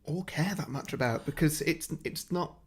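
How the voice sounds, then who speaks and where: A man's voice: fairly high pitch, moderate pace, slightly rough. A man from Wales, co-hosting a podcast and giving blunt, laid-back takes on films. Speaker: podcast co-host. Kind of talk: casual film review chat.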